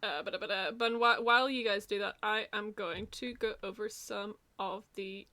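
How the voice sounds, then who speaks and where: A woman's voice: medium pitch, fairly even intonation, normal speed, sharp tone. A woman hosting a casual livestream, talking in a rambling way with many restarts. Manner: rambling, lots of fillers and restarts. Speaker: host.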